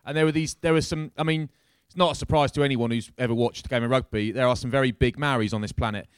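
A man telling a lively anecdote as a guest at a live show, swearing freely and acting out the people in his story. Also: mid-range voice, fast talker, smooth, no echo. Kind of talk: animated storytelling. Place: crowded live-show venue.

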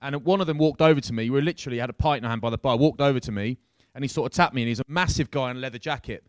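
A man telling a lively anecdote as a guest at a live show, swearing freely and acting out the people in his story. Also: medium pitch, racing, clear, resonant tone, no room sound. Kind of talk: animated storytelling. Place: crowded live-show venue.

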